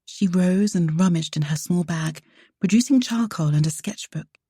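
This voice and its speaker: A woman narrating a romance audiobook in a soft, measured way. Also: fairly low pitch, breathy edge, no echo, studio quality.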